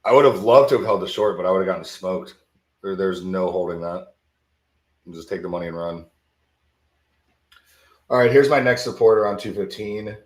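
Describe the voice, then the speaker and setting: Casual low-voiced man calling live trades. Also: moderate pace, pauses often, echoey room. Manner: casual, thinks aloud, repeats words. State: sleepy, yawning. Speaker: livestream futures trading host. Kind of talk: live trading commentary.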